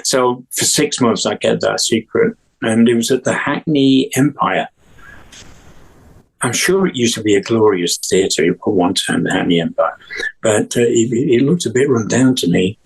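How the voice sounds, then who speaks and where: Husky older man telling a story. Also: medium pitch, a little slow, poor audio. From England. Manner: rambling, with many restarts and acted-out quotes. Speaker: guest musician. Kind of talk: casual storytelling interview.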